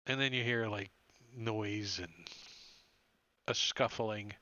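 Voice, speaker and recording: A man's voice: fairly low pitch, slow pace, pushed and bright, lo-fi sound. A man running a tabletop game as dungeon master, narrating loosely with lots of "uh" and "like". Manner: loose, rambling narration full of "uh" and "like".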